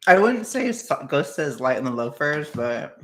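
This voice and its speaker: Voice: medium pitch, very animated, moderate pace, a bit bright. An anxious, jittery streamer chatting casually with viewers in a rambling way and laughing often. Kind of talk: casual livestream chat with viewers.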